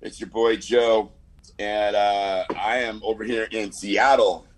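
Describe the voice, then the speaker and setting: A man's voice: fairly low pitch, fairly even intonation, takes it slowly, rough recording. A man from California's San Fernando Valley with a Southern Californian accent, giving a rambling, laid-back sales update on a video call, full of fillers and "man". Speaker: insurance agent giving a weekly report.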